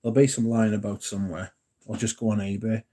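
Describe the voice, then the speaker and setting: A relaxed, dark-toned English man talks loosely to his livestream chat. He rambles, trips over his words and corrects himself, then drops in a casual swear or a joke. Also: on the low side, fast talker. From England. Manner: rambling, self-correcting, jokey and profane. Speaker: livestream host.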